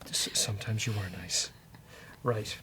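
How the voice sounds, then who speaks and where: A man's voice: lowish voice, steady tone, unhurried, background noise. Joking male developer host. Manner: joking and self-mocking, thinks aloud. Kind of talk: casual live-coding chat.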